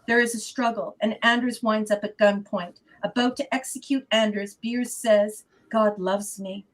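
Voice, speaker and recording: A woman on a podcast panel, effusive and chatty, reading out and praising listener comments. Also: medium pitch. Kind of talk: casual podcast discussion.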